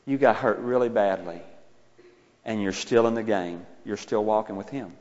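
A man preaching a sermon to a congregation in a conversational way, growing loud and emphatic when he retells a story. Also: lowish voice, moderate pace. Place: church sanctuary. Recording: dull, reverberant hall sound.

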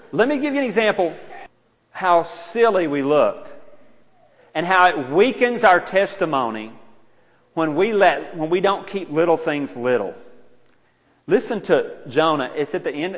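A middle-aged man delivers a sermon in a casual, self-deprecating way, his fairly high voice rising to loud outbursts. The sound is muffled and rings with a long hall reverb. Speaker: preacher.

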